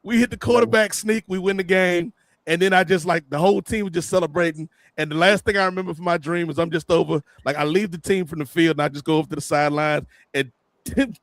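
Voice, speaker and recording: A man hosting a podcast, telling a long comic story in an animated, joking way and calling his co-hosts by name. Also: sits high, dry recording. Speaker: podcast host. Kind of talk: casual comedic storytelling.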